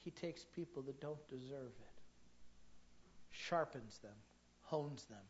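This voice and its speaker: A man's voice: mid-range voice, slow, dull audio, a little hiss or hum. A man preaching a sermon, telling stories in a folksy, colloquial way full of asides. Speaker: pastor.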